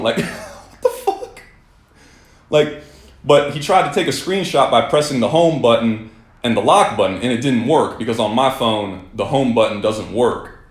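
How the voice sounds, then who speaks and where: A man recounts a story in a loose, exasperated ramble, cursing freely and circling back over his words. His voice sits at an ordinary pitch. The recording has a noticeable room echo. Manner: exasperated, rambling, swears often, with frequent restarts. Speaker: vlogger telling a personal story. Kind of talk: casual storytelling monologue.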